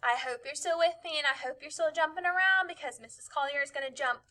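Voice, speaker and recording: A woman's voice: high voice, fast talker, bright, forceful tone. A woman teacher, out of breath, leading a cheerful spelling lesson for young children and encouraging them as she jumps along. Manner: cheerful, encouraging, spells letters aloud while jumping.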